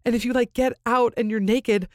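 A young woman talks into a close, dry mic, hosting her podcast in a casual, chatty way. Her speech is sprinkled with "like", and her pitch jumps up when she gets animated. Now and then she clears her throat from allergies. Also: brisk, no room sound. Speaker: podcast host. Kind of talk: casual chat, reading listener stories.

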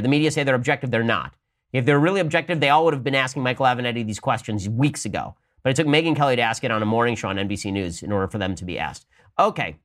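A male podcast host in the middle of his range, talking politics at a rapid clip. His delivery is argumentative and pointed, with the pitch climbing whenever he presses a point. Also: a bit bright. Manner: rapid-fire, argumentative, rising emphatic pitch when making a point. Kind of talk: fast political commentary.

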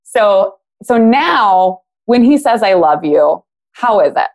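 Gravelly-voiced woman explaining with analogies. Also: medium pitch, very animated, slow pace, a little mellow. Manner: explains with analogies, acts out quotes. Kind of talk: casual podcast conversation.

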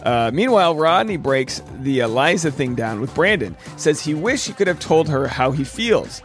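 A man's voice: a little high, big pitch swings, normal speed, soft background music. Joking man hosting a show recap. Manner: joking asides, mock voices, chuckles at own jokes. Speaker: podcast host. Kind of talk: casual TV show recap commentary.

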